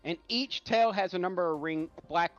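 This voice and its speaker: Man player, high and slow, giggly, lo-fi recording. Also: faint music behind. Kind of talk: casual chat at a tabletop game.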